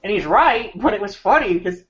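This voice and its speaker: A man co-hosting a podcast, telling an animated, rambling anecdote with frequent restarts. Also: high voice, a little fast. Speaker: podcast co-host. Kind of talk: casual storytelling chat. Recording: slightly muffled podcast audio.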